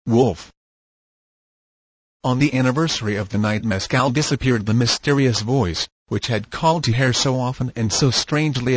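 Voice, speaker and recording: A man narrating an audiobook in a steady, measured reading voice. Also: mid-range voice, breathy edge, no room sound.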